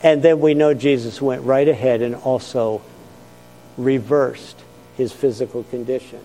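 A man's voice: medium pitch, steady tone, measured pace, warm tone, slight background noise. A man, a pastor, preaching a sermon in an earnest storytelling manner. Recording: long hall reverb.

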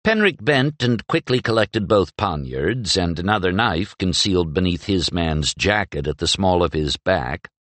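A man reading a novel aloud as an audiobook narrator, in expressive, measured storytelling. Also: sits low, no room sound. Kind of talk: scripted narration.

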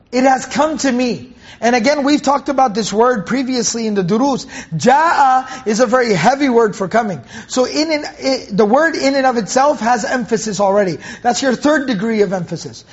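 A man with a very high, breathy-husky voice delivers a Quran commentary lesson. He talks earnestly, circles back to repeat key phrases, and slows to recite Arabic verses. The recording sounds dull and muffled, like lo-fi audio. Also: expressive. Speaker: Quran teacher.

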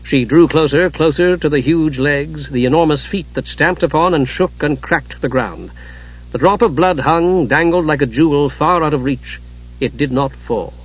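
Husky male fantasy audiobook narrator. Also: a little high, moderate pace. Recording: dull lo-fi audiobook recording.

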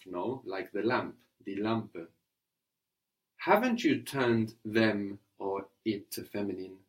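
Male language tutor, slightly low voice, patient, explains step by step. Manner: patient, repeats answers and explains grammar step by step. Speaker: language teacher. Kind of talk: spoken language lesson.

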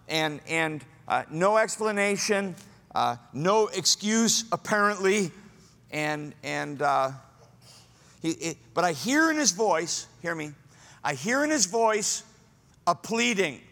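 A man preaching a sermon as pastor, dramatic, swinging from hushed to loud. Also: high-pitched, lively intonation, slow, gravelly, long reverb tail.

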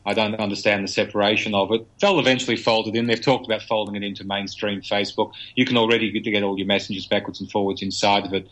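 A man's voice: fairly low pitch, level tone, quick pace, hardly any pauses, fairly bright tone, poor audio. A man from Australia, a business futurist guest on a radio show, explaining survey figures in a conversational way. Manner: explanatory, cites research. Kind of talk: radio interview chat.

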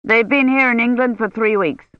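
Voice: medium pitch, fairly even intonation, pitched above the performer's own voice, lightly acted. A reader plays a tired older man, an academic who weighs each word and questions people methodically. The audio is muffled and dry, with no room echo. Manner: measured, careful. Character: weary older male Oxford don, careful.

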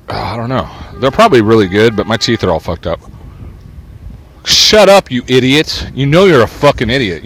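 An older man with a fairly low, fairly bright voice rambles irritably and profanely on a city street, addressing both himself and the camera through a small body-worn wire mic. Cars and motorcycles pass by in the background.

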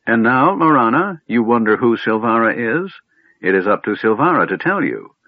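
Doddering old wizard, stern then scatterbrained, read by a man, husky, narrow audio. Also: medium pitch, big pitch swings, moderate pace, dry recording, voice pushed up. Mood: cheery. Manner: shifts from stern to absent-minded and chatty. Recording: narrow phone-like sound.

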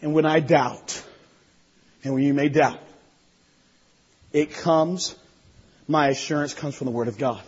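A man preaching a sermon to a congregation in an animated way, often laughing and shouting at the high points. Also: measured pace, pauses often, breathy edge. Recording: long hall reverb, dull lo-fi sound.

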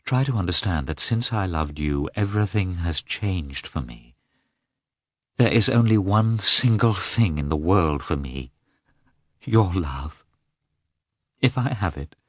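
A man's voice: deep voice, no echo, studio quality, exaggerated voice. A man reading the part of an anguished young noblewoman who speaks in a trembling voice, in an audiobook.

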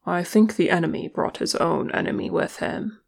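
A woman voicing a grave, stern male ranger leader in a fantasy audiobook, speaking in a measured, solemn way. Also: lowish voice, creaky.

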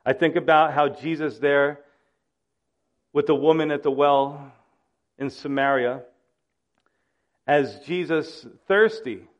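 Male pastor, fairly high voice, dramatic sermon delivery, lo-fi recording. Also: slow pace, pauses often. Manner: dramatic, acts out quoted voices.

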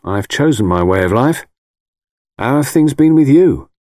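A man's voice: medium pitch, expressive, unhurried, a little mellow, no echo, clean studio sound, voice pushed up, lightly acted. A man voicing an offhand, restless young man. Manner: offhand, slightly defensive. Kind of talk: audiobook character voice.

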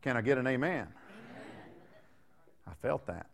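A man's voice: medium pitch, lively intonation, normal speed, creaky. A middle-aged man preaching a sermon in a conversational way, joking and putting rhetorical questions to the congregation. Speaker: guest preacher.

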